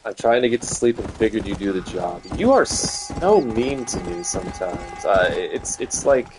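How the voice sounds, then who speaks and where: A man with a somewhat low voice chats casually while playing a game, rambling from one thought to the next and poking fun at himself. Game music plays clearly behind him. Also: very animated, moderate pace. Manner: rambling, chatty, self-mocking. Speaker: gaming streamer.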